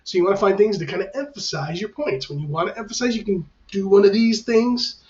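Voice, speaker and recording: Filmed by a camera pointed at him, a male teacher instructs his class in a reassuring, conversational manner. His high-pitched, somewhat dark-toned voice moves a little fast with lively intonation, captured by a distant mic in dull, lo-fi quality.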